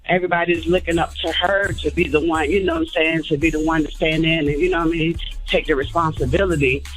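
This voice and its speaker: A woman calling in to a radio show, talking haltingly with many fillers. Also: deep voice, fairly even intonation, faint music behind, poor audio. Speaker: caller. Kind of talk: phone-in call.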